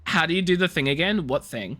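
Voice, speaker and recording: Streamer guy, young, lively pitch, very bright tone, teasing chat with faint music behind. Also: fairly quick. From Australia. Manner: playful, teasing, rambling with many restarts. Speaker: game streamer. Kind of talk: casual live-stream chat.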